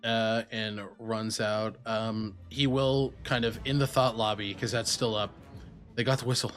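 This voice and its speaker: A man running a tabletop game as game master, narrating rules and moves in an unhurried, casual way. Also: lowish voice, fairly even intonation, soft background music.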